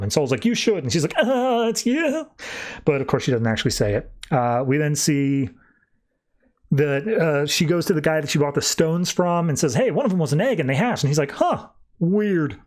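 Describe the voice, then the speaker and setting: A man hosting a podcast, recapping a comic book in a casual, animated way and briefly voicing the characters as he goes. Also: on the high side. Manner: animated retelling with quick voiced asides. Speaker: podcast host.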